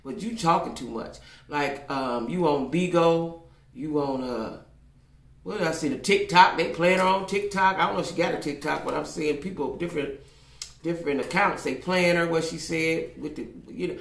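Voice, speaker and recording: Gravelly older woman, blunt vlog rant. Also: low voice, lively intonation, moderate pace, fairly bright tone. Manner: blunt, profane and emphatic, with lots of repetition. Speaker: vlogger. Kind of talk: casual commentary vlog. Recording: echoey room.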